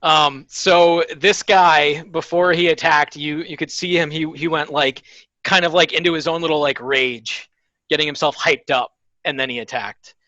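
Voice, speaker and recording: A man running a tabletop game as game master, hesitant with many ums and quick to laugh. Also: fairly high pitch, fairly even intonation, bright, forceful tone, no room sound. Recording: slightly dull, dry recording.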